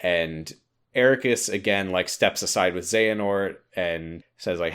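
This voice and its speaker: A young man co-hosting a casual chat, retelling a game's story with lively jumps into voices and frequent laughs. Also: low-pitched, measured pace, clean tone. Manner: animated, jumps into voices for quoted lines, laughs often. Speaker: podcast co-host recapping a game story.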